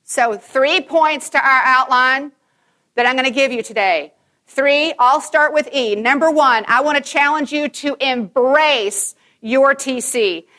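Bright-voiced woman speaker, emphatic storyteller. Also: high voice, unhurried. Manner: emphatic and animated, acting out dialogue. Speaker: conference speaker to mothers. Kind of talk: Christian conference talk, personal storytelling.

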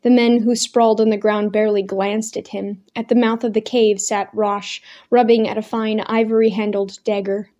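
A woman reading a novel aloud as narrator, in a measured, expressive way. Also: mid-range voice, highs cut off. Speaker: audiobook narrator. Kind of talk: scripted narration.

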